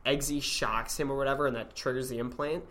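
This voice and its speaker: A man's voice: mid-range voice, steady tone, brisk, a bit bright. A man in casual movie chat, talking loosely with lots of fillers and questioning plot holes. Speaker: podcast co-host.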